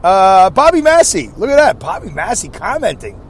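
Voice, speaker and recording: A man's voice: high voice, big pitch swings, moderate pace. A middle-aged man, a podcast host and comedian, rambling through a joking, self-deprecating monologue and acting out the voices he quotes. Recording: faint background noise.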